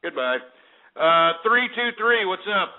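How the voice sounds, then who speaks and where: Abrasive and insulting toward his callers, a man rants while hosting a call-in radio program. His voice is high with big pitch swings and a clean tone, delivered at a measured pace over tinny, phone-like audio.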